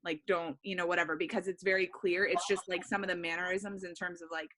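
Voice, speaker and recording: A woman's voice: fairly low pitch, level tone, fast talker, a bit bright. A young adult woman, an improv student, talking earnestly in a class discussion and saying "like" often. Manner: chatty, full of "like", earnest.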